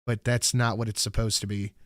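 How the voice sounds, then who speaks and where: A man's voice: lowish voice, level tone, fairly quick, dry recording, studio quality. A man streaming live, telling a rambling story with plenty of swearing and stopping to read out chat messages. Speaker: livestreamer. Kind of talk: casual chat.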